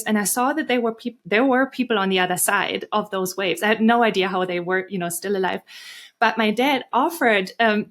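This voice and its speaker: German lady guest talking earnestly, english not her first language. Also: fairly high pitch. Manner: earnest, storytelling, some restarts. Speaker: guest author. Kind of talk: interview answers.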